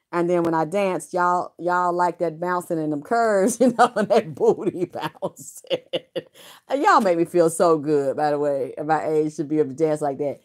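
Low-voiced middle-aged woman, frank and rambling. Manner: frank, rambling, salty, with profanity. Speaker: vlogger. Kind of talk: candid personal storytelling.

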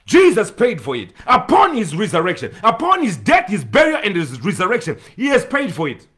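A man's voice: high-pitched, huge pitch swings, a little fast, fairly bright tone, husky. A man preaching an emphatic sermon, repeating phrases and breaking into bursts of tongues.

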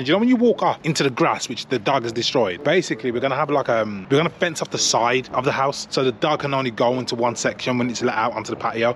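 A man's voice: mid-range voice, slight background noise. A man chatting casually in a family vlog, often asking "do you know what I mean". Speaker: vlog host.

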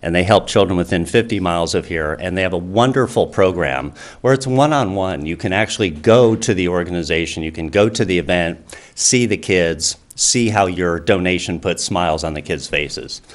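A man's voice: low voice, moderate pace. A man who founded a charity, speaking earnestly to a town council with many fillers and restarts. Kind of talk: public comment speech.

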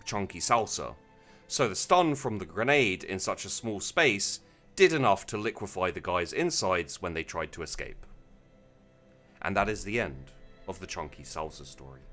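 A man's voice: lowish voice, bright, forceful tone. A man hosting a live stream, reading out viewers' tabletop game stories in an amused, conversational way with frequent ums and restarts.

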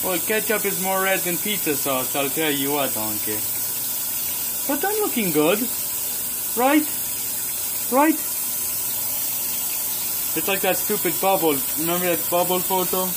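A man's voice: high voice, big pitch swings, measured pace, pauses often, noisy background. A man playing a goofy, dramatic male ogre in an amateur comedy skit, whining and repeating his sidekick's name. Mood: silly griping. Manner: goofy, whiny, repeats "donkey".

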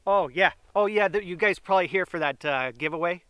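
A man's voice: high voice, bright, forceful tone, clear, resonant tone, dry recording. A middle-aged man hosting an outdoor giveaway video, chatty and upbeat, drawing out the winners' names. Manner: upbeat, chatty, drawn-out announcements. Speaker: grilling channel host. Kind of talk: casual giveaway vlog.

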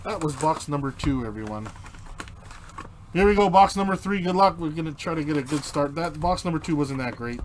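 Opening packs during a live card break, a man reads out the player names and chats easily with his viewers. His voice is on the high side, animated and a little fast, with slight background noise.

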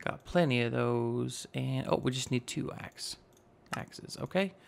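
A man in his twenties with a slightly raspy voice, casually narrating a building game and rambling as he goes. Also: mid-range voice, unhurried, slight background noise. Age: 20s. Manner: rambling, self-teasing, narrates each step aloud. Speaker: gaming YouTuber. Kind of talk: casual Minecraft let's play commentary.

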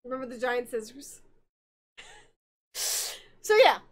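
Tipsy, giggly high-voiced woman rambling. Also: big pitch swings, takes it slowly. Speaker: podcast host. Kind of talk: casual chat.

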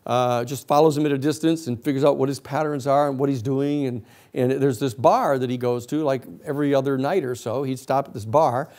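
A male lecturer telling a long story to a class in a rambling, animated way full of "you know" and "uh". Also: medium pitch, fairly quick, few pauses.

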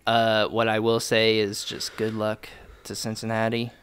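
A man's voice: fairly low pitch, completely flat delivery, measured pace, a bit bright, clean tone. A young man hosting a podcast, chatting casually and jokingly with plenty of swearing and fillers. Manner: loose, joking, profane, lots of fillers. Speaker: podcast host. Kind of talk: casual chat.

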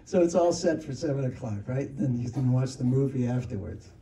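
A man with a mellow, warm voice tells an anecdote in an easy, animated way, slipping into the voices of the people in it. He sits back from the mic, and the room adds a roomy echo around his words. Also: medium pitch, a little fast. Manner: animated storyteller who acts out others' lines. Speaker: interviewee recounting anecdotes. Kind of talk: casual anecdotal storytelling. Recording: roomy sound from a distant mic.

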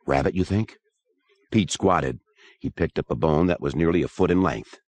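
Deep-voiced man narrating an audiobook. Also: normal speed, dry recording.

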